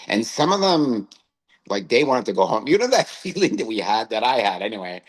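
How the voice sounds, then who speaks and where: Male co-host, low voice, chatty storyteller, keeps checking in with "right?". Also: very animated, moderate pace, poor audio. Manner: anecdotal, tags phrases with "right?". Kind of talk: casual storytelling chat.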